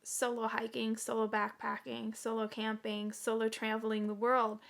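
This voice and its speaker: A woman in her forties talking earnestly to camera in a casual home vlog, halting now and then with fillers. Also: on the high side, completely flat delivery, vocal fry, fairly bright tone. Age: 40s. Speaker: vlogger. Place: indoors at home.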